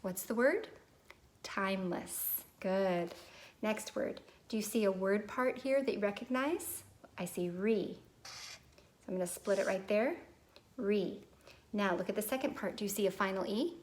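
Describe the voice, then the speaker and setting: A woman's voice: medium pitch, unhurried, darkish tone. A woman teaching a recorded phonics lesson to young children, patient and prompting them to repeat words.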